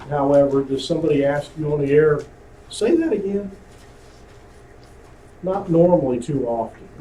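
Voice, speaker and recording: A man lecturing a club class, heard from across an echoey room with a faint hiss under him. His voice sits a little high but sounds mellow and dark, and he keeps tossing questions to the audience. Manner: conversational, asks the room questions. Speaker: amateur radio instructor. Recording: roomy, distant, faint hiss.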